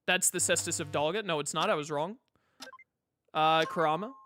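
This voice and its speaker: A gaming YouTuber casually commenting while playing, quickly guessing and joking at himself. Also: mid-range voice, fairly bright tone, slight background noise. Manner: quick guessing, self-mocking asides. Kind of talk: casual let's-play commentary. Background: game music.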